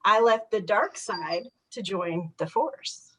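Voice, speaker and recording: A woman performing a stand-up comedy set with animated, punchy delivery. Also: mid-range voice, slow pace, breathy edge, rough recording. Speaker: stand-up comic.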